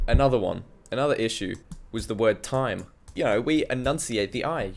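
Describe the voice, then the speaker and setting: A man's voice: medium pitch, moderate pace, gravelly, a little mellow, soft background music. An Australian man in a casual, sweary, self-mocking walkthrough of his own song project from a home studio. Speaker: hobby music producer. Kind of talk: casual screen-recorded walkthrough.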